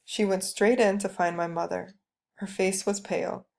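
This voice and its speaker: A woman reading a story aloud, narrating calmly and steadily in the first person. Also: mid-range voice, normal speed, gravelly. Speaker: reader.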